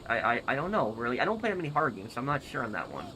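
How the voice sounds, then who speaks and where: A young American man streams a game live, reading chat and thinking aloud with hesitant, repeated starts. His mid-range voice has a sing-song quality and races along over background noise.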